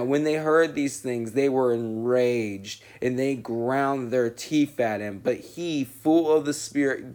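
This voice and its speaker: A man reading scripture aloud in a measured, solemn way as the regular reader of a daily reading program. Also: medium pitch, a little mellow. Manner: slow, measured, solemn delivery.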